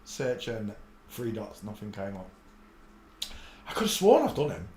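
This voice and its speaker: A man's voice: lowish voice, huge pitch swings, a little slow, a little mellow, slight background noise. A man hosting a casual live stream, rambling and muttering to himself as he searches for clips. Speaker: channel host. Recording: echoey room.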